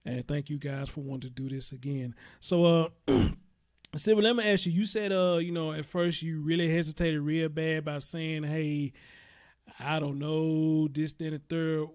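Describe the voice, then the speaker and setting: A man's voice: fairly high pitch, moderate pace, dry recording, clean studio sound. A man hosting a casual online interview, laid-back and full of fillers. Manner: laid-back, many "uh" fillers, even delivery. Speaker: host.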